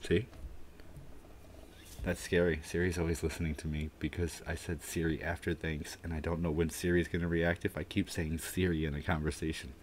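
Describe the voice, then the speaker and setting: A man hosting a casual live stream, rambling and mumbling his thoughts out loud in a warm indoor room. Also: extremely low pitch, level tone, fairly quick, a little hiss or hum. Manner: rambling, mumbling, talking to himself.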